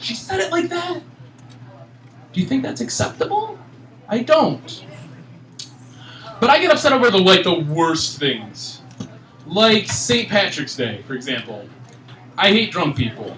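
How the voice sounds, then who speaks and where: A young man from Michigan in his twenties doing a stand-up comedy set, ranting in an exasperated, animated way. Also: high voice, a little slow, pauses often, slight background noise. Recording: echoey room, mic at a distance.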